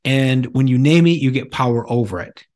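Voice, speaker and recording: A man's voice: medium pitch, moderate pace, darkish tone. A middle-aged man co-hosting a podcast, talking casually and illustrating points with anecdotes, often restarting his sentences. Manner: storytelling with anecdotes, frequent restarts. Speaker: podcast co-host.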